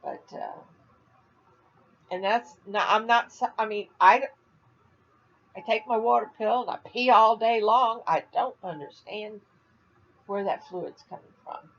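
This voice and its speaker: A woman's voice: fairly high pitch, a little slow, pauses often, fairly bright tone, highs cut off. An older woman from Florida chatting casually on a home video vlog, rambling and laughing at her own jokes. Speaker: vlogger. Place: at home, indoors.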